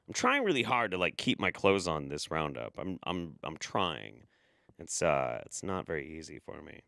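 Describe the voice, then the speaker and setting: A man's voice: sits low, big pitch swings, moderate pace, creaky, bright, forceful tone, no room sound, studio quality. A man hosting a casual commentary show, sarcastic and rambling, swearing often. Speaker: host.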